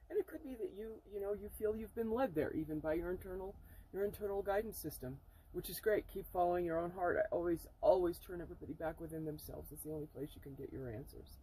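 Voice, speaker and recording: Mellow-voiced woman, earnest and halting. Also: mid-range voice, breathy edge, low-quality recording. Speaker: spiritual vlogger. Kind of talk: spiritual channeling vlog. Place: inside a camper. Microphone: camera mic.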